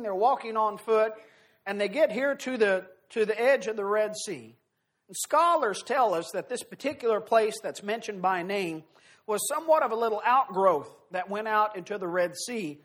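A man preaching a sermon, reading scripture aloud and explaining it in an earnest, emphatic way, slowing down and swelling on key phrases. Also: high-pitched, lively intonation, fairly bright tone.

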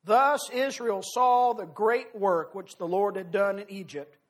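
Brief: male preacher, very high-pitched voice, earnest and emphatic scripture reading. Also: steady tone. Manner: earnest, emphatic, slows and swells on key phrases.

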